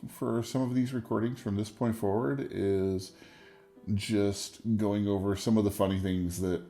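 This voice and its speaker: A man in his forties hosting a casual solo podcast, rambling in a wry, stream-of-consciousness way with a deep radio voice. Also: steady tone, unhurried, dark tone, faint music behind. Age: 40s. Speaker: podcast host.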